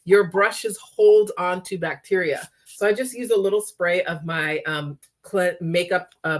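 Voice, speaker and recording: A woman's voice: lowish voice, a bit bright. A woman demonstrating makeup in a live tutorial, talking chattily and often checking in with her viewers. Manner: chatty, checks in with frequent "okay?".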